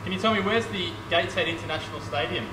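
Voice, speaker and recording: A man's voice: high voice, fast talker, noisy background. An Australian man presenting a comedy segment, cheerfully quizzing passers-by in mock-earnest roving reporter style. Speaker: comedy presenter doing street interviews. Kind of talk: jokey roving vox-pop reporting. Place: outdoors on town streets.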